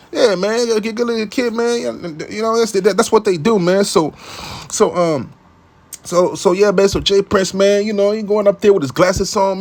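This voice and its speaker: A young man rambling through a profane casual commentary, tacking "man" onto nearly every phrase. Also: fairly high pitch. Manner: rambling, repeats "man" constantly; profane, animated street talk.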